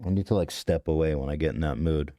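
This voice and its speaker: A man's voice: a bass voice, fast, dark tone, no echo, clean studio sound. A man hosting a podcast, telling a story in a rambling, profane, self-deprecating way with many restarts. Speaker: podcast host. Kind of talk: casual confessional podcast talk. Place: podcast studio.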